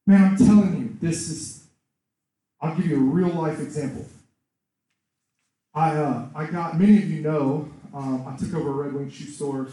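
A man preaching a sermon and telling his own testimony in an animated storytelling manner. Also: fairly high pitch, moderate pace, long pauses. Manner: animated storytelling, acts out voices in quotes. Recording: very echoey room, voice far from mic.

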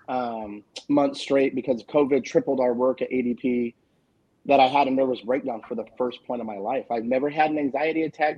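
A man's voice: mid-range voice, husky, highs cut off. A man speaking as a guest on a video call, telling a heartfelt personal story. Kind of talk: casual chat.

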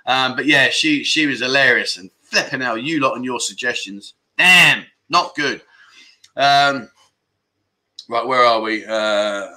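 A man's voice: on the high side, bright, forceful tone. A man hosting a casual livestream chat show, reading out viewer comments with lots of laughter and mock-grumbling banter.

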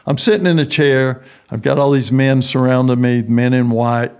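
A man's voice: medium pitch, steady tone, normal speed, a little mellow, smooth. A middle-aged man, a prison ministry founder, telling a personal story in an interview and acting out the voices of the people in it.

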